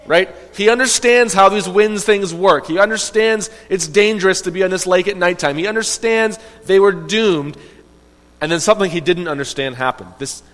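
A man with a high, light voice tells a Bible story to children, lively and conversational, often turning to ask his listeners questions. A long reverb trails his voice through a big room. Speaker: Bible teacher.

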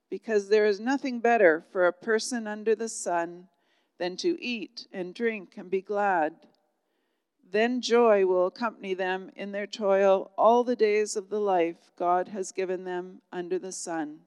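Woman, scripture reader, slow and solemn, smooth resonant voice. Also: mid-range voice, fairly even intonation, darkish tone, no echo, in a large hall, highs cut off. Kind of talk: scripture reading.

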